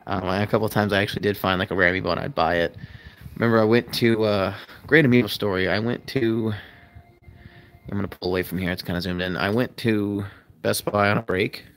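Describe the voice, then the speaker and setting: Man, casual livestream chat, fairly low voice, chatty and rambling, sleepy, home loft, phone mic. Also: steady tone, brisk, a bit bright, a little hiss or hum. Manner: rambling, chatty, answers viewer comments. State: sleepy, yawning. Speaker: livestream host. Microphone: phone camera.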